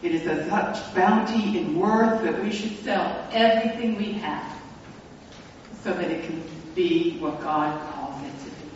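A pastor telling a story in a sermon, speaking reflectively and slowing down for emphasis. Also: mid-range voice, a little hiss or hum. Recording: echoey hall, distant mic, dull sound.

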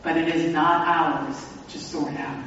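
A pastor telling a story in a sermon, speaking reflectively and slowing down for emphasis. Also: mid-range voice, steady tone, fairly bright tone, slight background noise. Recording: echoey hall, distant mic, dull sound.

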